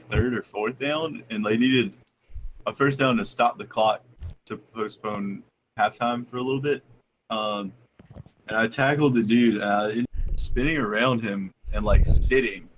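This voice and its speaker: A man telling a story on a casual group voice call, laid back and full of ums. His voice sits at an ordinary pitch, with faint noise in the background. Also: poor audio. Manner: relaxed storytelling with many fillers. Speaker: podcast co-host.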